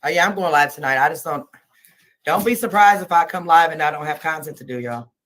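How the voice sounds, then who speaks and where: A woman's voice: deep voice, a little fast, fairly bright tone. A woman hosting a casual livestream, chatting and swearing freely with her viewers. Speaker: livestream host.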